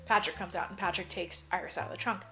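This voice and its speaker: A woman's voice: on the low side, fairly even intonation, fast talker, bright, forceful tone, faint music behind. A woman co-hosting a podcast, animatedly retelling a movie plot, acting out characters and swearing freely. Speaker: podcast co-host. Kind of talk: casual movie recap chat.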